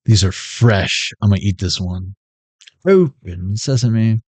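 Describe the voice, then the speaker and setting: A man's voice: fairly low pitch, takes it slowly, darkish tone, slightly rough, dry recording. Laid-back joking man reading tarot. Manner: joking, playful asides. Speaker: tarot reader. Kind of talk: casual tarot reading vlog.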